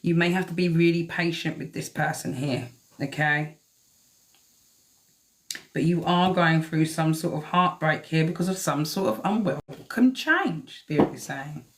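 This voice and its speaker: A woman's voice: deep voice, unhurried. Swearing woman reading tarot. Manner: chatty, swears freely, talks to the cards. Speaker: tarot reader. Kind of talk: live-stream tarot reading.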